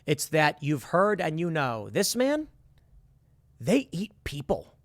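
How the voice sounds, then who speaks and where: A man's voice: a little high, sing-song, a little slow, no echo. A man hosting a casual commentary monologue, walking the listener through hypothetical scenarios and rising to emphatic bursts. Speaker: political commentary host.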